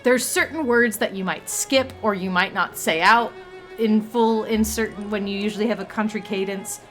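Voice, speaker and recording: A woman's voice: mid-range voice, moderate pace, faint music behind. A woman chatting casually on a livestream, rambling along with many fillers and restarts. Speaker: streamer.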